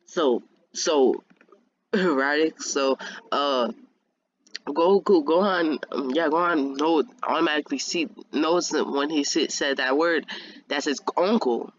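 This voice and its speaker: A young man with a fairly high voice rambles through a fan story, restarting often and laughing at his own slips. The recording is dull and lo-fi with a faint hiss, made on a home mic. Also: slow. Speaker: fan video creator.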